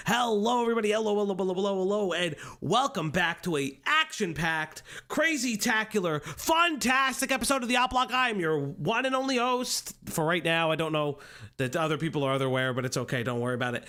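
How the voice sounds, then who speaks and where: A man's voice: high-pitched, expressive, fairly quick, sharp tone, faint music behind. A man hosting a casual livestream from home on a desk microphone, greeting chat in a playful sing-song way and rambling in asides. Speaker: livestream commentary host. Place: home streaming room.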